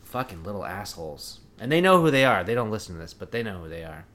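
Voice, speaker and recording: A man's voice: fairly low pitch, sing-song, racing, a bit bright. Profane ranting man telling stories. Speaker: podcast co-host. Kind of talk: casual chat.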